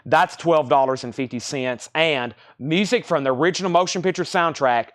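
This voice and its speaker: Brisk man calling record prices. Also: a little high, fairly bright tone, no echo, studio quality. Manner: brisk auctioneer-style patter, calling out prices. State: out of breath. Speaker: host of a live record sale. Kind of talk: live selling stream.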